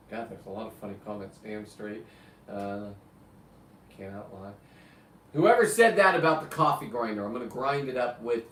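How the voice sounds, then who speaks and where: A man's voice: lowish voice, a little hiss or hum. Fifty-something guy rambling on his live stream, blunt and cussing, sounds roomy and a bit far from the mic. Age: 50s. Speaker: live show host. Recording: roomy, distant mic, faint ambience.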